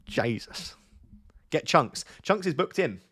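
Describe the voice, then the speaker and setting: A man's voice: fairly high pitch, animated, slow, fairly bright tone, husky. A man chatting casually on a live stream, waffling and joking as he answers questions from viewers.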